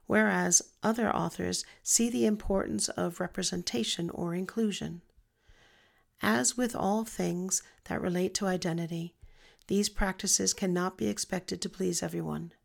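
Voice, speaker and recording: Low, gravelly woman reading a list. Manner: even, list-like delivery. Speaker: narrator reading an informational text. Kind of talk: scripted informational reading.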